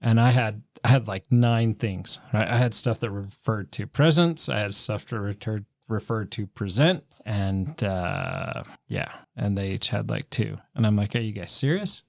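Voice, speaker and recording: A man's voice: on the low side, animated, unhurried, vocal fry, hardly any pauses, no echo, studio quality. A man co-hosting a casual board game podcast, telling rambling stories with many fillers. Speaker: podcast co-host. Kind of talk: casual chat.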